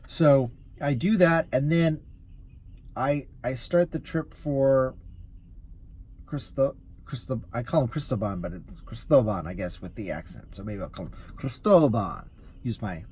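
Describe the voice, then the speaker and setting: A man's voice: lowish voice, a little mellow, breathy edge. A man who drives for rideshare, telling a story in a casual vlog, easily amused and rambling with restarts.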